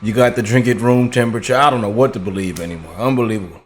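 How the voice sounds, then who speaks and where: A man's voice: lowish voice, racing. A man giving casual, rambling commentary to his viewers, drawling and calling them y'all. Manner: laid-back, drawling, repeats "man" and "y'all". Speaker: political commentary vlogger.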